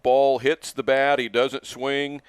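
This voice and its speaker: An older man calling live baseball as lead announcer, measured and matter-of-fact. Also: mid-range voice, level tone, clear, resonant tone, no echo.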